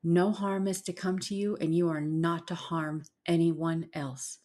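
A young woman facing down a curse, her words firm and steady in a low voice, as a female narrator voices her. A horror audiobook figure. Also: a little slow, close to an everyday voice. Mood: calm. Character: frightened but defiant young woman under a curse.

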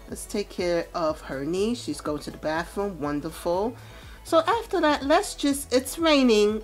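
A woman giving casual let's-play commentary, chatting about what her game characters feel. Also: medium pitch. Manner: chatty, narrates characters' feelings. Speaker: gameplay commentator.

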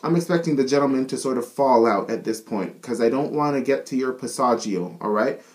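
A man teaching a singing lesson, explaining chest-voice warm-ups in an upbeat way and often checking in with "all right?". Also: mid-range voice, lively intonation, fairly quick.

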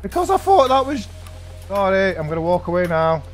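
A man in casual voice chat during a shooter game, excitable, swearing a lot and calling out to his squad over a headset mic. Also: sits high, brisk. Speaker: squad player.

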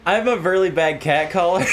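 A man playing a video game with a friend, joking around and swearing loudly when things go wrong. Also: high voice, expressive, normal speed, over music. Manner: loud swearing outbursts, jokey. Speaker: gamer playing co-op commentary. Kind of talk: casual let's play banter.

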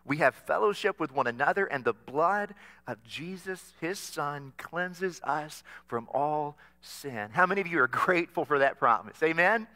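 Bright-voiced male pastor preaching in a church. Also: a little high, expressive, normal speed. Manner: earnest preaching, prompting the congregation to repeat phrases. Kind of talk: sermon. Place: church sanctuary. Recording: long reverb of a church hall.

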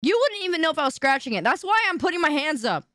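A woman's voice: sits high, very animated, fast talker, fairly bright tone, dry recording, clean studio sound. A woman streamer in casual live-stream chat, whiny and indignant as she bickers with her chat.

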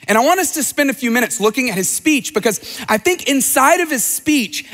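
Male pastor with a high voice, earnest conversational sermon, ringing church hall. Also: a bit bright. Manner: earnest, conversational preaching with repeated phrases. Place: large church auditorium.

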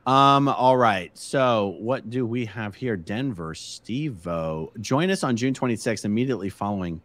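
A man's voice: lowish voice, no room sound. A man co-hosting a casual live stream who reads viewer comments aloud and chats about them over a video call. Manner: chatty, reading comments aloud. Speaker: co-host reading viewer chat.

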